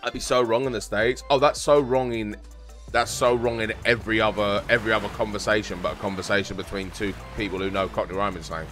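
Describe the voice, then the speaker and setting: London-accented male streamer, lowish voice, rambly and sweary, faint music behind. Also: steady tone, quick pace, a bit bright. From South East London. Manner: rambling, chatty explaining with swearing. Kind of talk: casual chat with stream viewers.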